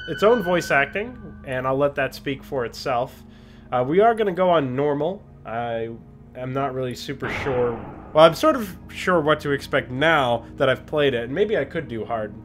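A man hosting a let's-play, talking casually and enthusiastically about a game he is playing. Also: medium pitch. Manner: chatty, enthusiastic. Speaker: host.

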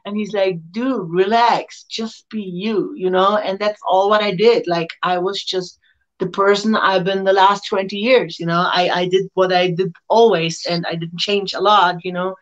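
A woman in her thirties recounts her wrestling days in a relaxed, animated way. She laughs easily and slips into the voices of people in her stories. The audio is slightly dull and muffled. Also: mid-range voice. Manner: lively, laughs often, acts out quoted voices. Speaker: interview guest, professional wrestler. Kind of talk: casual storytelling.

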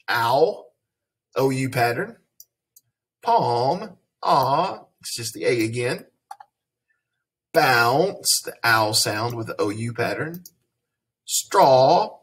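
Slow, husky-voiced male teacher. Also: medium pitch, a bit bright. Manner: patient and repetitive, drawing out vowel sounds. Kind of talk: recorded phonics lesson for children.

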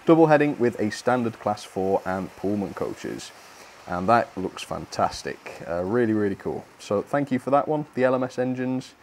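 A man with a lowish voice chats casually as a live-stream host. His delivery is cheerful and easygoing, with frequent light laughter, like someone enjoying a hobby with viewers. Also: expressive, moderate pace, darkish tone, slight background noise. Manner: cheerful and chatty, laughs often.

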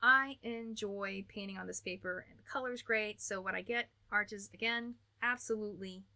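A woman's voice: mid-range voice, normal speed, vocal fry, bright, forceful tone. An American woman hosting an art channel, giving a chatty, upbeat review with small laughs and restarts. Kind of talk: casual product review.

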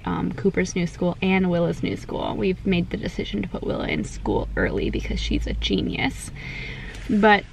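Soft-spoken young woman chatting quietly. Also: mid-range voice, gravelly, a little hiss or hum, rough recording. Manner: chatty, giggly, rambling. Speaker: family vlogger. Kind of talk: casual vlog chat. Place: inside a parked car.

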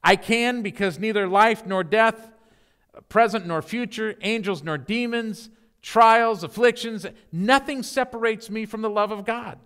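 A middle-aged man giving an encouraging sermon as a guest speaker, animated, with playful mock-enthusiastic asides. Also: high-pitched, a little slow, clean tone.

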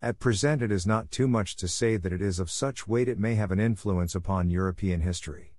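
An imperious masked nobleman, as a man reads him, grave and commanding in a low register. The audiobook is recorded close and dry, with no room sound. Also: fairly quick, a little mellow, no echo, natural voice.

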